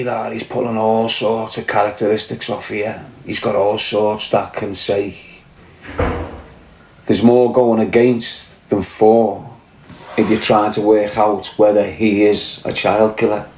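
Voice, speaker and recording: A man's voice: fairly low pitch, level tone, measured pace, a little mellow, roomy sound, a little hiss or hum. A man with a Scouse accent talking bluntly and with swearing in a casual monologue, often asking if the listener gets what he's saying. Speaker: podcast host.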